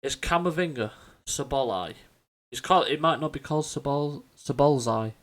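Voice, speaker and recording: A man's voice: a little high, lively intonation, normal speed, fairly bright tone. A man giving casual, chatty commentary over a football management game, often stumbling over names and correcting himself. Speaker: gaming YouTuber.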